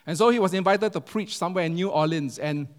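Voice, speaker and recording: A man's voice: sits high, fast. A man preaching a sermon, telling stories with humor and asking the congregation questions. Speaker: pastor. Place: church hall. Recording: echoey hall.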